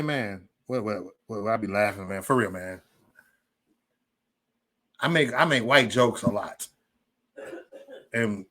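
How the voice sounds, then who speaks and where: A man hosting a casual livestream, joking loudly and cursing, breaking into laughter often. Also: mid-range voice. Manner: loud, joking, profane banter with frequent laughs. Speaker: live stream host.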